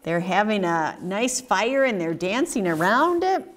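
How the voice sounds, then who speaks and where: Woman doing story time for little kids, bouncy sing-song voice, slow and drawn out, bit of hiss behind. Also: medium pitch. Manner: animated, sing-song, asks children questions. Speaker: children's story time reader. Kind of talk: reading a picture book aloud to children. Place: community library story time.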